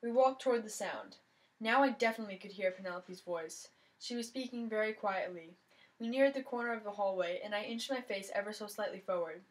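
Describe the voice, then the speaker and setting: A woman's voice: mid-range voice, brisk, poor audio. A woman reading a mystery novel aloud, telling the story in the first person with plenty of expression. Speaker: reader of a novel.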